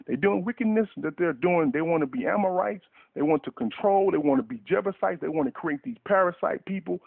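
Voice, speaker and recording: A man's voice: high-pitched, fairly quick, vocal fry, breathy edge, no echo. A man preaching a fervent radio sermon, repeating and restarting words in bursts, heard over a dry phone line.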